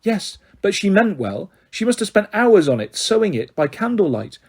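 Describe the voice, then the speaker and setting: Man doing a gentle pleading girl. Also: high-pitched, big pitch swings, normal speed, slightly rough, voice pushed up, heavily acted. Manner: earnest, pleading. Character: gentle, pleading well-bred young girl.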